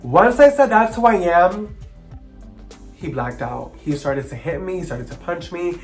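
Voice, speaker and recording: A young man of about twenty telling a personal story to camera, sassy, expressive and dramatic. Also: a little high, unhurried, soft background music. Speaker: vlogger.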